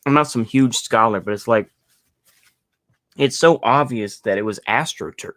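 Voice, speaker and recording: Man, casual monologue, rambling, filler-heavy, sarcastic asides, average pitch, dry close mic. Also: normal speed, a bit bright, no room sound. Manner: rambling, many fillers and restarts. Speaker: podcast host.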